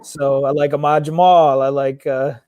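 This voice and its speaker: A man's voice: a little high, level tone, darkish tone, clean tone. A man being interviewed about his music, talking casually and restarting his sentences as he thinks aloud. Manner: halting, restarts often while thinking aloud. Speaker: guest rapper.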